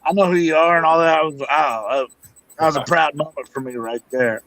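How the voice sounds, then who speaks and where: A man's voice: on the high side, brisk, fairly bright tone. A man telling funny, profane stories in a casual podcast chat, as a guest who used to wrestle. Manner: profane, joking anecdote teller.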